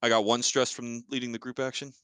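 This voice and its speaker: A man playing in a tabletop game, animated and quick to laugh. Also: mid-range voice, clean tone, no echo. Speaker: player. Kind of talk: casual tabletop play.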